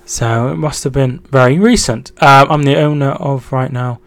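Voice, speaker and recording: Hosting a casual football live stream, a young man speaks at medium pitch and normal speed with no room sound. He reads out chat messages, thanks his viewers, gives match updates, trails off and restarts, and shouts with excitement at goals.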